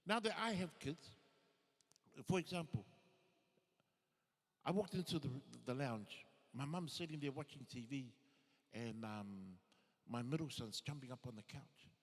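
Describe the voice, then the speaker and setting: A man telling stand-up comedy stories on a theatre stage, animated, working up to shouted punchlines. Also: medium pitch, a little slow, long pauses. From Samoan family. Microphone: stage microphone. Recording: long hall reverb in a theatre.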